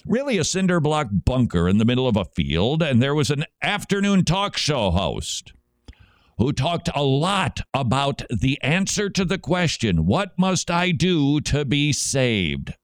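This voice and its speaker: A man from Minnesota hosting a Christian talk radio show, animated and jokey, his voice jumping high when he teases. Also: measured pace, dry recording. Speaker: radio host.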